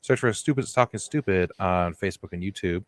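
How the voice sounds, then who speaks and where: A man's voice: low voice, no echo. A man co-hosting a comedy podcast, teasing his co-host and riffing on stories in casual chat. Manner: joking, teasing, fast riffing.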